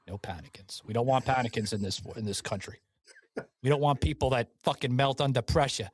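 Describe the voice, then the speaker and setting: A man's voice: mid-range voice, brisk, breathy edge, no room sound. A man co-hosting a studio podcast in casual political banter, swearing often, stammering through restarts and laughing. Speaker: podcast co-host. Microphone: studio mic.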